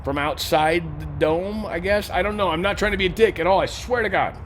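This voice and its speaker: A man's voice: high voice, a little fast, a little hiss or hum. A man hosting a show, giving a casual news commentary monologue in an irreverent, joking and often profane way. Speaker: show host.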